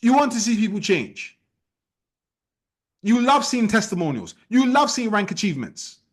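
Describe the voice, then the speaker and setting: A man leading an online sales team training, talking in a forceful, repetitive, challenging way. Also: high-pitched, sing-song, normal speed. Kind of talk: motivational training talk.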